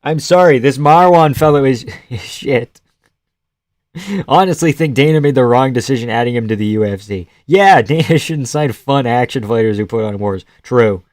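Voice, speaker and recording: Young male streamer, relaxed and chatty, mid-range voice, dry close recording. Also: medium pitch, normal speed, dry recording. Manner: laid-back, laughs often, swears casually, reads chat aloud. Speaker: live-stream host. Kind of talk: casual live-stream chat.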